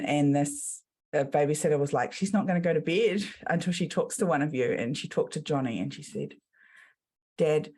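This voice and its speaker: A woman's voice: low voice, warm tone, slightly rough. A middle-aged woman with a New Zealand accent, a business coach guest who tells her story casually and acts out the quotes in it.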